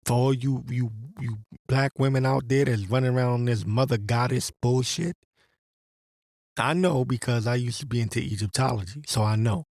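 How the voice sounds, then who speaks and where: A man's voice: mid-range voice, moderate pace, darkish tone, dry recording, clean studio sound. A man giving a profane, rambling religious rant and reading scripture aloud. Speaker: religious commentator. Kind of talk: ranting monologue with scripture reading.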